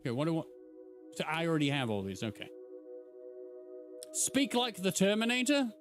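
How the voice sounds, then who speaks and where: A man's voice: a little high, huge pitch swings, normal speed, music in the background. A man in his thirties doing live gameplay commentary, bantering playfully and teasing his chat. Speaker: streamer.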